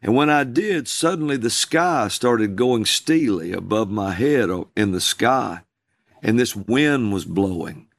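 A man, a minister, telling a personal story in conversation, slow and drawn out. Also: animated, creaky, no echo. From USA. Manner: slow, drawn-out storytelling with calls acted out in a high voice.

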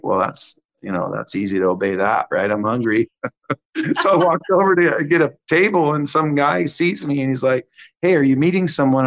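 A man giving a conversational testimony as a guest minister, animated and acting out the quotes of the people in his story. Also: on the low side, vocal fry, muffled recording.

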